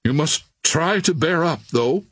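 A man's voice: on the high side, animated, measured pace, a bit bright, slightly rough, no echo, clean studio sound, voice pushed up, full character voice. A man reading an audiobook voices a formal, agitated naval captain in a somewhat raised voice. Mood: grave. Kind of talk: audiobook character voice.

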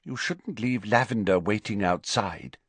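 A man voicing a clever teenage witch who speaks in a brittle, strained, unnaturally high voice, in a storybook reading. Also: a little slow, breathy edge, no echo. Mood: quiet.

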